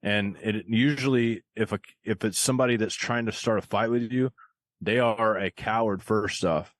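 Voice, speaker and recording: A man's voice: lowish voice, fairly even intonation, normal speed, dry recording. A man hosting a podcast, chatting casually and rambling with lots of fillers, over a remote call. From rural area of the United States. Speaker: podcast host. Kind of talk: casual chat.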